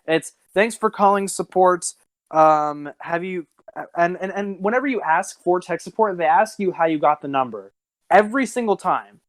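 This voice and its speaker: A young man tells a long, rambling story on a casual podcast, stopping now and then to laugh at his own jokes. His voice sits a little high, and the recording is close and dry with no room sound. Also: no echo, poor audio. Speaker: podcast co-host.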